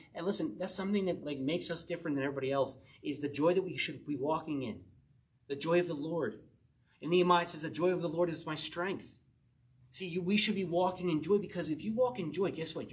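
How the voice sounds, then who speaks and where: A man preaching a verse-by-verse sermon in a conversational way, often acting out quotes in short little voices. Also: a little high. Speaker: pastor.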